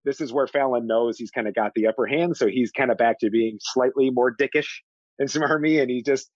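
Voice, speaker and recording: A man's voice: mid-range voice, brisk, no room sound. Brief: enthusiastic male film podcaster, laughs a lot, muffled lo-fi mic. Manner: enthusiastic, laughing often, acting out movie lines. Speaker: podcast co-host discussing a film. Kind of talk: casual film discussion.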